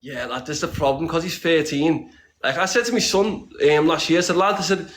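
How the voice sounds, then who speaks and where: A blunt, streetwise man chats casually as a guest, swearing freely as he talks. He rambles and restarts his sentences often. His voice sits a little higher than most men's. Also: a little fast, fairly bright tone. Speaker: interview guest. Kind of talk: casual conversation.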